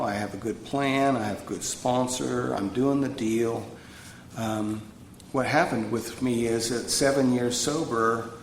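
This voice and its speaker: A man giving a personal recovery talk to a live audience, earnest, repeating phrases for emphasis. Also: mid-range voice. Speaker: recovery speaker. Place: retreat meeting room. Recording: echoey room, faint background hum.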